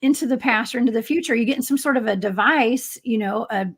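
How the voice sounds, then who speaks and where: A woman hosts a radio talk show, her higher voice heavy with vocal fry. She chats casually and answers her guest with quick interjections. She thinks aloud as she talks. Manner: chatty, reacts with short interjections.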